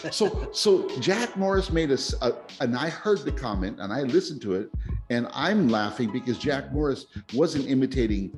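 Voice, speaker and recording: A man chatting casually as a podcast host, rambling and excitable with many restarts. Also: medium pitch, unhurried, soft background music. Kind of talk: casual chat. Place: lives in Japan.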